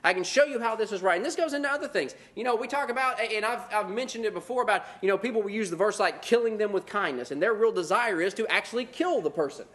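A man preaching with a high, light voice. He is animated and mocks self-righteous believers with put-on voices between plain stretches of teaching. His pace jumps between quick bursts and slow, weighty phrases. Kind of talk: sermon.

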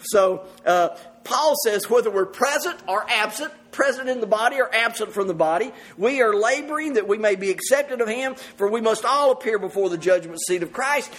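A man's voice: high-pitched, animated, normal speed, hardly any pauses, a bit bright. A man preaching a sermon to a congregation, earnest and often laughing as he speaks. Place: church service with congregation.

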